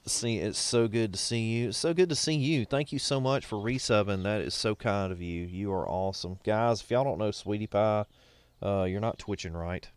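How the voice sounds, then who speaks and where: Streaming a game live, a man chats with his viewers in a folksy, rambling way, still a bit foggy after being ill. His lowish voice is smooth and moderately paced, and he sings snatches and laughs at his own jokes.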